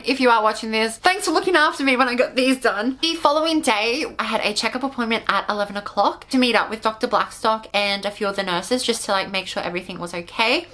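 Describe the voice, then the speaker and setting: An Australian woman telling a personal story to camera in a chatty, animated way, filling her speech with "like" and swearing freely. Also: mid-range voice. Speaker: vlogger. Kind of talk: casual storytime.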